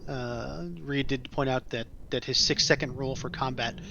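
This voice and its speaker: A man co-hosts a casual tabletop gaming chat, his voice bright and forceful. He chimes in often with short agreeing remarks. The line sounds dull and lo-fi, with a faint hiss behind him. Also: mid-range voice, steady tone, normal speed, creaky. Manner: chatty, with frequent short agreeing interjections. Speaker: co-host. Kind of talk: casual podcast chat about tabletop role-playing.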